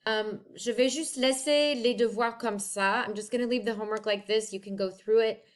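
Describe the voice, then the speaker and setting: A woman's voice: fairly high pitch, fairly even intonation, fairly quick. A woman French teacher recording a lesson at home, talking in a friendly, chatty way and switching between English and French.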